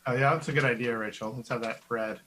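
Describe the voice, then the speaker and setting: Man chairing a council meeting, bright tone, slightly high, easygoing; faint noise behind. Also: fairly even intonation, fast talker, low-quality recording. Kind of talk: online council meeting chat.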